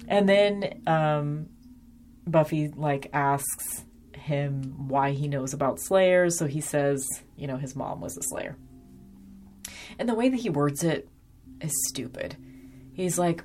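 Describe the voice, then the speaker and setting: A woman's voice: sits low, unhurried, pauses often, a little mellow, a little hiss or hum. A woman recapping a TV episode in a chatty, casual way, full of ums and wry asides. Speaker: episode reviewer.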